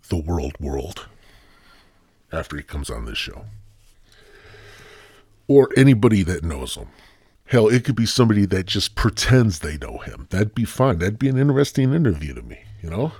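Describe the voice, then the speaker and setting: A man hosts his podcast alone, rambling and cracking crude jokes in a very deep, husky voice that swings widely in pitch. He sounds a bit stuffy and short of breath, recorded dry and close to the mic. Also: darkish tone, dry recording. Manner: rambling, profane, joking. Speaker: podcast host. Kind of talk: solo casual podcast rant.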